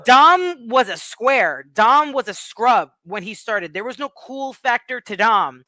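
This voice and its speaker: A woman's voice: on the high side, lively intonation, slow pace, sharp tone, dry recording. A woman guest on a wrestling podcast, chatting casually and gushing in a rambling way about her favorite moments. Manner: gushing, rambling fan talk. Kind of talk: casual chat.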